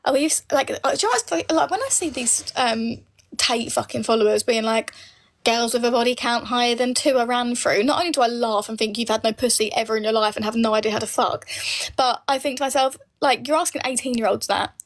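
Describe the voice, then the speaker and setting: Fielding comments live from her viewers, a late-twenties woman with a high-leaning voice speaks at a quick pace. The Q&A is casual, and she's frank, foul-mouthed, and opinionated.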